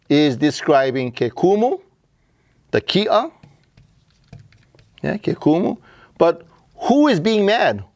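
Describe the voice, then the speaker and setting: A man's voice: a little high, darkish tone, no echo. A man teaching a grammar lesson, explaining patiently and asking and answering his own questions. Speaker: Hawaiian language teacher.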